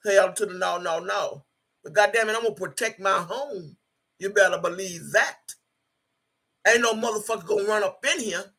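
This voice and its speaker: Gravelly, raspy woman in her sixties. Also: mid-range voice, normal speed, a bit bright. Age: 60s. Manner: blunt, profane and emphatic, repeating herself. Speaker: livestream host reading viewer comments. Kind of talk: casual livestream chat. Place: her home.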